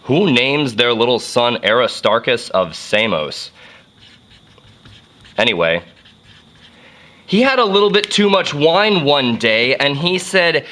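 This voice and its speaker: A man's voice: mid-range voice, sing-song, slow, pauses often, sharp tone. Playful man telling a physics lesson. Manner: playful, jokey storytelling with asides. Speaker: physics teacher. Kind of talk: casual video lesson.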